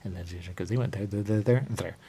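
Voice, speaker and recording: A male radio host with a voice on the low side talks quickly and mellowly over slight background noise. His talk-show monologue is rambling and repetitive: he loops back on the same phrases, trails off into sing-song murmurs, and keeps repeating "there you go."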